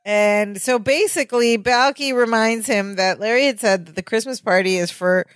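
A woman co-hosting a podcast, retelling a sitcom scene in casual chat, full of "like" and quick restarts. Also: fairly high pitch, no echo, studio quality. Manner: chatty, lots of "like" and "yeah", restarts while retelling. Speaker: podcast co-host.

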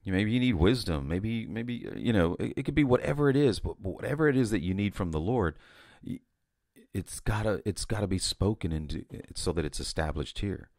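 Deep-voiced man preaching casually. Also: expressive, a little fast, a little mellow, no room sound, clean studio sound. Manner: conversational, repeats words and restarts, says "you know" often. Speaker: preacher sharing a vision. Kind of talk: informal sermon to camera.

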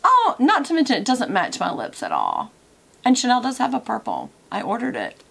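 A woman's voice: fairly high pitch, wildly swooping pitch, moderate pace, vocal fry, fairly bright tone, breathy edge. Chatty woman rambling at her desk. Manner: chatty, wanders off on tangents, many fillers. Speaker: product review vlogger. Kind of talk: casual rambling to camera.

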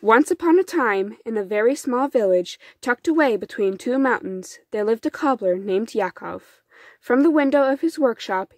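A woman reading a folktale storybook aloud in an unhurried, soft storytelling manner. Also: mid-range voice, no room sound. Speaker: storybook reader. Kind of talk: children's storybook narration.

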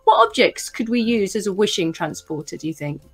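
Animated woman radio host. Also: medium pitch, brisk, slightly rough, soft background music. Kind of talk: lively radio chat.

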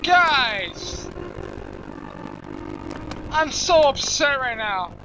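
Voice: high voice, very animated, background noise. A gameplay channel host giving casual let's-play commentary, talking straight to viewers and swearing freely when exasperated. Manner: profane, quickly exasperated, talks to viewers.

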